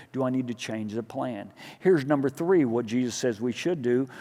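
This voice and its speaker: A man preaching a sermon as pastor, telling a story with lively acted-out dialogue. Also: mid-range voice. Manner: animated storytelling, acting out dialogue in his own voice. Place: church sanctuary. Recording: church hall with long reverb.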